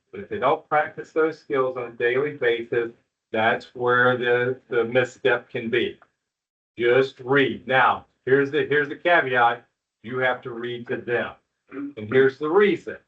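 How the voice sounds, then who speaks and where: A man's voice: mid-range voice, unhurried. A middle-aged school principal talks to a room of parents, folksy and joking but reassuring. He is picked up from a distance. The recording sounds dull and muffled. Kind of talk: addressing parents at a school meeting.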